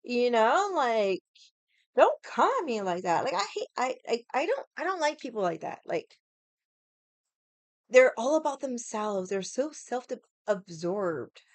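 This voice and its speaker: A woman's voice: on the high side, big pitch swings, measured pace, no echo. A young woman hosting a casual livestream, ranting in a sassy, profane, rambling way and greeting viewers. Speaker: livestream host.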